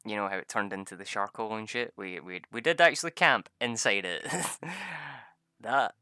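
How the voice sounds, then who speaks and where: A young man casually recounting a tabletop game session, animated, swearing a lot and laughing as he talks. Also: moderate pace, clean tone, no room sound, studio quality. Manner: animated, swears a lot, laughs often, jumps into high excited bursts. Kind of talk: casual storytelling.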